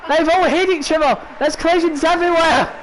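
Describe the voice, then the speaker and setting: Brief: young British man, very high voice, excitable sim-racing commentator, faint hiss behind. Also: a little fast, rough recording. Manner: excitable, exclaiming, laughing at crashes. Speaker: race commentator.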